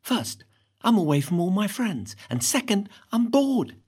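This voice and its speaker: A man's voice: high voice, sing-song, unhurried, darkish tone, breathy edge. A man narrating his own book in the first person, in a wry, dry storytelling manner.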